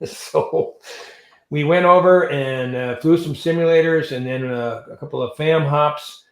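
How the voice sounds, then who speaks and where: An older man, a retired navy pilot, telling animated stories as an interview guest and acting out voices and sounds. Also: on the high side, measured pace, roomy sound. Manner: animated storyteller who acts out voices and sounds. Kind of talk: storytelling in an interview.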